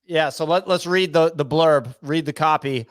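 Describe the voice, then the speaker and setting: A man's voice: a little high, normal speed. Enthusiastic podcast co-host man. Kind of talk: casual podcast chat.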